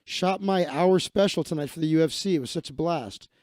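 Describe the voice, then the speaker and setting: A man rambles and swears as he hosts a casual livestream, reacting offhand to whatever scrolls past. His voice sits a bit high for a man. The sound is dry and close, with no room around it. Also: a little fast, darkish tone, no echo. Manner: rambling, profane and offhand, laughing at his own asides. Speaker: livestream host. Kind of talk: casual livestream chat, reading his feed aloud.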